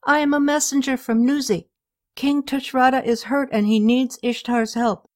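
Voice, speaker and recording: A woman's voice: sits high, fairly even intonation, voice pushed up, natural voice. A frantic, impatient male messenger in a storybook who hollers through a door, as a woman reading the tale puts him on. His voice jumps far above the reader's own. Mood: urgent. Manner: hurried, shouting.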